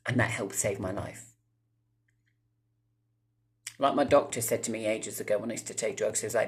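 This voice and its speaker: This man, a vlogger in his 30s, delivers a casual storytime to his audience, rambling, cursing liberally and breaking off into asides. He speaks in a lowish voice at a moderate pace with long pauses.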